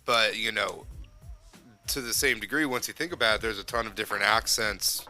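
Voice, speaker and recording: A man's voice: on the low side, brisk, pushed and bright, faint music behind. A man joking around in casual podcast banter, laughing often. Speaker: podcast co-host.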